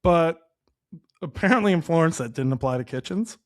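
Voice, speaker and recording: A man co-hosting a chat show, telling a long story in a loose, animated way with lots of filler words. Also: on the high side, fairly quick. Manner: animated, rambling, heavy use of "like". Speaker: podcast co-host, chef.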